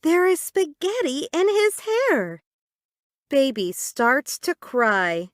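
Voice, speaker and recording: A woman reading children's stories aloud for English learners in a clear, deliberate, expressive way. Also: high voice, no room sound, studio quality. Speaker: audiobook reader.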